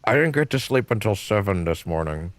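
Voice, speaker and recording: A man's voice: fairly low pitch, lively intonation, a little fast, dry recording. A man streaming a game live, rambling in casual commentary, full of fillers, swearing and frequent laughter.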